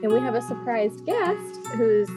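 A young adult woman co-hosting a podcast, reminiscing in a lively way. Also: on the high side, measured pace, over loud music. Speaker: podcast co-host. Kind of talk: casual family podcast chat.

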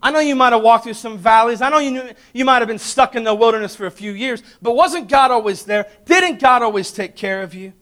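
A man preaching a sermon as pastor, calling out to the congregation and swinging between loud emphatic peaks and hushed asides. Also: very high voice, fairly quick, few pauses. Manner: preaches with call-and-response to the congregation. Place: church.

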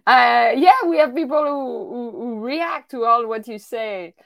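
A woman's voice: a little high, unhurried, vocal fry, a bit bright. A woman hosting an interview, speaking hesitantly and repeating words as she goes. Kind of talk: conversational interview.

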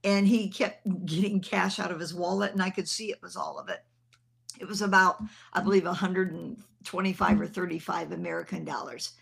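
A woman's voice: on the low side, fairly even intonation, normal speed, vocal fry, fairly bright tone, husky. An older woman minister telling a personal testimony in an earnest, conversational way. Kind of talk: testimony storytelling.

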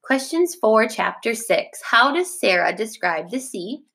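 A woman teacher reading a chapter book aloud to her class, in a steady, plain way that stops to correct its own slips. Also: on the high side, unhurried, creaky.

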